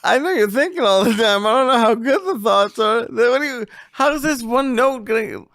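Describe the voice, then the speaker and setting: Podcast co-host, man, gravelly voice, dry close sound, quick to laugh, skeptical sidekick. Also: extremely high pitch, expressive, fairly bright tone, no room sound. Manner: laughs easily, asks skeptical questions. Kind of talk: casual banter.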